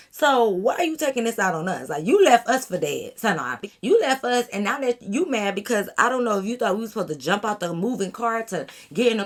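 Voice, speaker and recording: Young woman vlogging a storytime, animated, mid pitch voice. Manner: animated, acts out friends' voices. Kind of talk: casual storytime.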